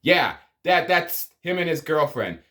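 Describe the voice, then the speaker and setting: A man's voice: on the high side, very animated, unhurried, sharp tone, faint music behind. A man giving a profane comedic movie review, exasperated and ranting, with sighs and groans of disbelief. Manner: exasperated, swearing, sighing rants.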